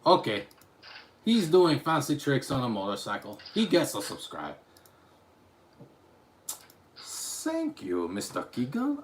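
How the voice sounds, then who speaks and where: A man's voice: medium pitch, wildly swooping pitch, takes it slowly, pauses often. Rambling man chatting with his stream. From Utah, USA. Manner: rambling, talks straight to chat with restarts. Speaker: live streamer reading chat. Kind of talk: casual live-stream chat.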